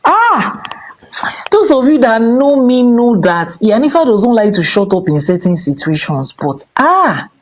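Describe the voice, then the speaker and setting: Expressive Nigerian woman teaching. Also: a little slow, poor audio. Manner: expressive, drops into hushed whispers and rises to high exclamations. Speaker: Ifa priestess. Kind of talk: casual spiritual teaching.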